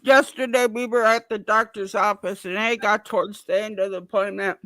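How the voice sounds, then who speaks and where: Talking at normal speed in a mid-range voice, this woman streams live and chats casually with viewers. Her storytelling is animated, blunt and full of profanity, and the audio has no echo.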